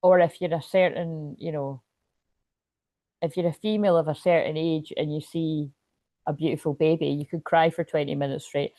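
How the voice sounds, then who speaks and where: A woman's voice: deep voice, fairly even intonation, normal speed, mellow, dry recording. A woman hosting a spiritual astrology livestream, rambling and chatty as she reads viewer comments. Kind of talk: casual livestream chat.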